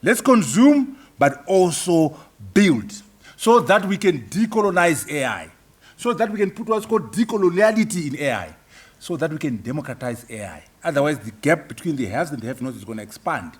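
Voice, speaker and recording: A man's voice: on the high side, big pitch swings, fairly quick, slightly rough. A man, a professor, answering audience questions at a book launch, speaking emphatically and rhetorically, often adding tag questions and chuckles. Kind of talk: public lecture Q&A at a book launch.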